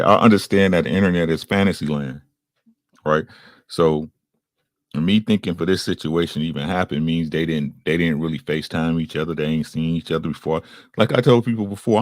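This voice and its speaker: Deep-voiced man talking casually. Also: brisk, dry recording, studio quality. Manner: relaxed, repeats "you know what I'm saying". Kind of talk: casual chat.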